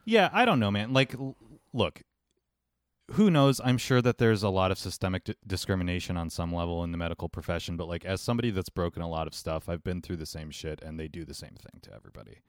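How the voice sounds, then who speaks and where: Man, deep voice, casual chat, measured debating, dry close mic. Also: no echo. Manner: measured, argumentative, hedging. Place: New York.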